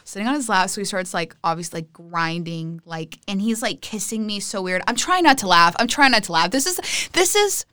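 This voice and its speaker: A young woman guesting on a podcast, telling animated stories full of swearing and fillers. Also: medium pitch, a little fast, few pauses, no echo, studio quality. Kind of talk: casual storytelling.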